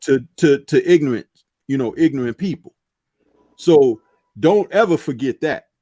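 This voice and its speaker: A man's voice: medium pitch, lively intonation, normal speed, warm tone, breathy edge, no echo. A man on a boxing talk panel speaking earnestly and preachily, driving his points home with "okay" asides. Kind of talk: casual panel chat.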